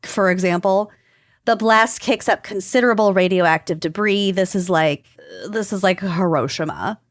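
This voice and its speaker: A woman's voice: medium pitch, normal speed, no echo, clean studio sound. A woman co-hosting a podcast, explaining research notes in a loose, joking way, full of "like" fillers. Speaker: podcast co-host.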